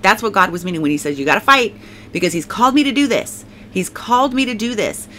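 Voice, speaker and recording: A woman tells her faith testimony in a loose, rambling way, full of "like" and repeated phrases. Her voice is bright and forward at a middle pitch. She often breaks off to praise God aloud. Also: animated, fast talker, a little hiss or hum. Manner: rambling and emphatic, heavy filler "like", repeats herself; prays aloud. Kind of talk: casual spoken testimony.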